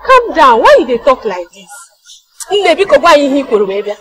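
A calm, loyal queen. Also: high-pitched, fast, low-quality recording. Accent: Nigerian Pidgin English. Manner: soothing, deferential.

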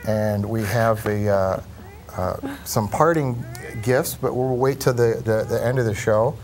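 A man's voice: on the low side, a little slow, a little mellow. A man hosting a talk show who rambles and stumbles over his words. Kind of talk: casual talk show chat.

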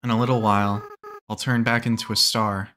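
A man voicing a gentle, remorseful young goat-monster boy, reading game dialogue aloud in a soft, tearful way. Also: on the low side, flat delivery, fairly quick, a little hiss or hum. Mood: sad.

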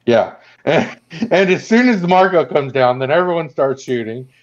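A man's voice: fairly high pitch, expressive. A man co-hosting a podcast, casually recapping a film and acting out its lines. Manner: retells scenes acting out lines in quick voices. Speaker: podcast co-host. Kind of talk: casual movie recap chat. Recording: dull lo-fi sound.

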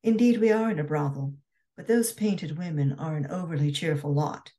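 Woman reading as sharp-tongued young Scotswoman, dry, teasing, low-voiced, storybook dialogue. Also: moderate pace, natural voice. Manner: frank, dryly teasing. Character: witty, teasing young Scotswoman corset maker.

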